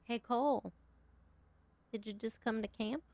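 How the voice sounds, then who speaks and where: A woman's voice: on the high side, measured pace, gravelly, darkish tone, dry recording. A woman co-hosting a live stream, chatting in a playful, teasing way. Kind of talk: casual chat on a live stream.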